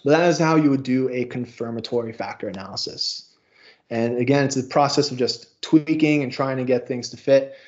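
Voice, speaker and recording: A man's voice: mid-range voice, a little fast, a little mellow, highs cut off. A male instructor giving a casual, explanatory recorded lecture walkthrough with informal asides.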